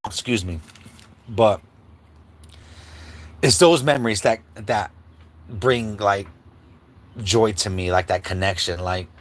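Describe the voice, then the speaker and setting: A man hosting a livestream, telling a childhood story in a casual, animated way and acting out the quotes, with many asides to the listeners. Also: on the low side, slow pace, long pauses. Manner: animated storyteller, acts out quotes, many "you know what I'm saying" asides. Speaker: host. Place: livestream setup.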